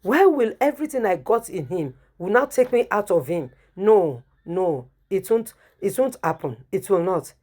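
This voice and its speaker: A woman's voice: medium pitch, sing-song, normal speed, hardly any pauses, mellow. A middle-aged woman giving a testimony sermon, telling her story and acting out the dialogue with strong emotion. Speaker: preacher.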